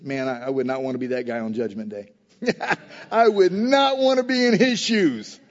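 A man's voice: fairly high pitch, animated, moderate pace, big-room sound, muffled recording. A man preaching a conversational sermon to a congregation, emphatic, and acting out quotes in everyday speech. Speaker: pastor.

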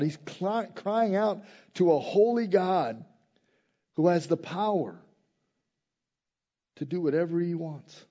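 Male preacher, fairly high and warm voice, quiet-to-emphatic sermon delivery, questions to the congregation, slightly muffled recording. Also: unhurried. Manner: swings between quiet reflective passages and loud emphatic rises; asks the listeners direct questions.

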